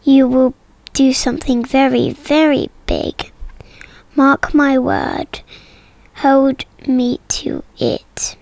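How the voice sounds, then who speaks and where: Woman playing a wise male lion spirit, solemn, measured, slow, gravelly, storybook. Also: sits high, steady tone, darkish tone, dry recording, heavily acted.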